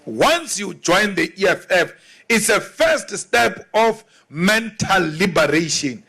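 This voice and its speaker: Slow, high-voiced South African politician. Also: male voice, animated, gravelly, husky. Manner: forceful, emphatic, repeats lines for effect. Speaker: opposition politician. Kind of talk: political rally speech.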